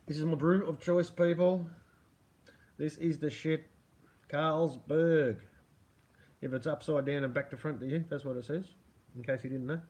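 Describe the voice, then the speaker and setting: Man, middle-aged, livestream host, husky, fairly high voice, sarcastic, rambling, swears a lot. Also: steady tone, moderate pace, long pauses, darkish tone. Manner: profane, rambling, laughs often; sarcastic about media. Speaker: livestream host reading chat. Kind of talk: casual livestream chat.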